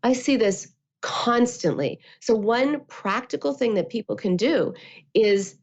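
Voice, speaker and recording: A woman, a therapist and author, giving calm, measured answers as a guest and acting out quotes as she explains. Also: a little high. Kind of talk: interview answers. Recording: muffled lo-fi audio.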